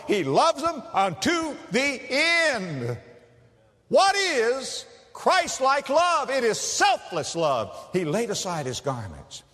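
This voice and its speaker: A male pastor giving a sermon, swinging from loud cries to hushed tones. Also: high voice, long reverb tail.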